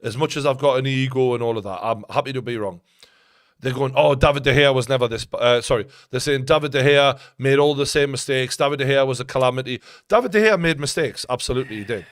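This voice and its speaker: A man with a Geordie accent co-hosting a live football watchalong, chatty and opinionated, shouting at the big moments. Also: medium pitch, quick pace, no echo, studio quality. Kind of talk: casual live match commentary.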